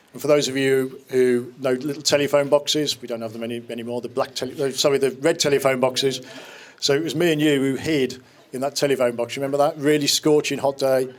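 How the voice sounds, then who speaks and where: Man, fifties, mid-range voice, speaking at a wedding reception; warm-hearted jokes and memories, casual restarts. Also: medium pitch. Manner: fond, joking storytelling with small restarts. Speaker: wedding speaker standing in for the bride's father. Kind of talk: wedding speech.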